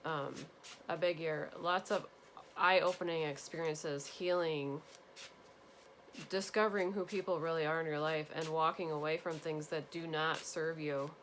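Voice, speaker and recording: Woman, tarot reader, earnest and reassuring, lower voice, light background hiss. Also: fairly even intonation, unhurried. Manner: gentle, earnest, repetitive reassurance. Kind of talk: spiritual tarot reading to viewers.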